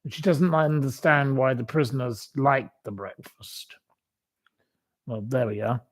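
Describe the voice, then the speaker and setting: A man's voice: mid-range voice, measured pace. A man hosting a live stream, rambling and scornfully insulting the people he talks about.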